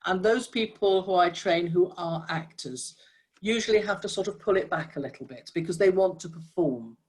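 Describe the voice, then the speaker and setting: A trainer of audio describers talks through their feedback in a steady, measured way, pausing on fillers and restarting sentences as thoughts form. The voice sits at a middling pitch and comes through a video call. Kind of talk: giving feedback in a workshop.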